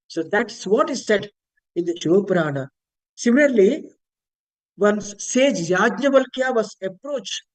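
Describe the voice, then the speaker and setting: A man's voice: high-pitched, low-quality recording. A man giving a webinar lecture on Vedic chanting, patiently explaining and chanting Sanskrit words to show their intonation. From India. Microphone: video call.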